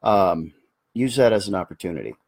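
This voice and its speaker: A man's voice: sits low, expressive, brisk, creaky, a little mellow, no room sound. A man hosting a live Q&A, answering viewer comments in an earnest, explanatory way that often drifts into asides. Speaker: host of a live Q&A show.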